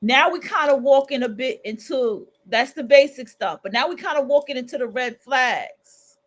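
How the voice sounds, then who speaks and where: Woman, livestream host, colloquial, animated, fairly high pitch. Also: normal speed. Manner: colloquial, animated, acts out quoted voices. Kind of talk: casual freestyle monologue.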